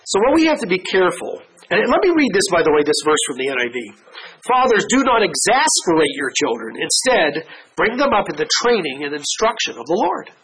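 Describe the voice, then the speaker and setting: A middle-aged man preaching a sermon, telling stories with lively, animated delivery and a husky voice. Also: fairly quick, rough recording. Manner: animated storytelling with big pitch swings. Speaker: pastor.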